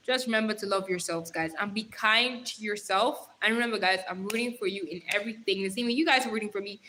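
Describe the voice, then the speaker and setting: A woman's voice: medium pitch, fast, few pauses, sharp tone, rough recording. A young woman hosting a casual livestream on her phone, reading out viewer comments and talking straight to them in a chatty, giggly way. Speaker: livestream host.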